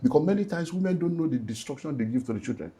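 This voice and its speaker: Middle-aged Nigerian man, pastor telling his own story, slightly raised pitch, earnest, drops into Pidgin. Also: expressive, rapid-fire. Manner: earnest, slips into Pidgin, swings from hushed to emphatic. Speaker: pastor, guest. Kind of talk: emotional personal testimony in a conversation.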